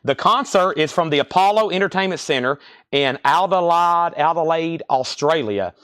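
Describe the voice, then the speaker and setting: Man, live-stream record seller, fast repetitive auction calls, slightly high voice. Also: lively intonation, fairly bright tone, smooth, no room sound, clean studio sound. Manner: rapid-fire, repetitive calls of sales and prices.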